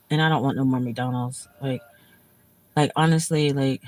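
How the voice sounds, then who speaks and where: A woman's voice: rumbling low, fairly even intonation, measured pace, darkish tone, poor audio. Emotional woman venting from her car. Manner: emotional, rambling, heavy filler "like"; blunt and profane. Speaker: livestream host. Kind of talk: casual venting livestream. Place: in a moving car.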